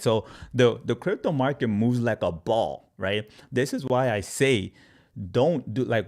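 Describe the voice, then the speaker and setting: A man talking through crypto price charts in casual market commentary, energetic and repetitive, now and then acting out panicking traders. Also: medium pitch. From Canada. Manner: energetic, repeats points, acts out panicking traders. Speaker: crypto YouTuber.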